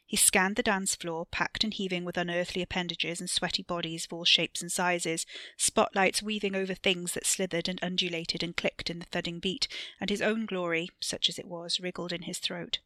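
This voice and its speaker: A woman narrates her own serialized story in a steady, measured way. Her voice sits a little low but sounds bright and crisp, recorded very close and dry. Each sentence is delivered with calm control. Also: no echo. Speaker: podcast author and narrator. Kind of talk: audiobook-style fiction narration.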